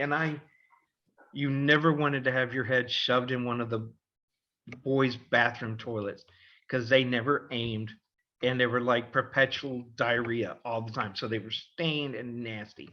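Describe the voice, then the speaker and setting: A middle-aged man co-hosting a podcast, telling a long school story in an animated way and acting out the voices of the people in it. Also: medium pitch, a little slow, dull audio. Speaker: podcast co-host, father. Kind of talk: casual storytelling.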